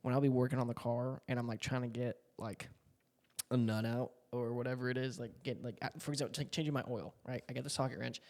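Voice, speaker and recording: A man's voice: medium pitch, little pitch movement, quick pace, darkish tone, in a large hall. A man in his twenties from Puerto Rico, a content creator talking in a casual, rambling monologue full of slang, swearing and fillers. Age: 20s.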